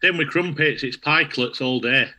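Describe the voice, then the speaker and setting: Bright-voiced South Yorkshire man, teasing. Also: a little high, moderate pace. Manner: teasing, playful dialect banter. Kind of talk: casual chat.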